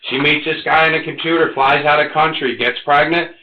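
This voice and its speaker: A man in his forties under police interrogation, ranting and cursing, swinging between loud outbursts and low mutters. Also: steady tone, fairly quick, a little hiss or hum. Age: 40s. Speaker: interrogation suspect. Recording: echoey, muffled interrogation room recording.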